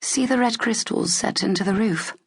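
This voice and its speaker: A woman narrator voicing a guarded female security consultant with clipped, deadpan replies and a husky, gravelly voice. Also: a little high, moderate pace, voice pushed up. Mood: dry.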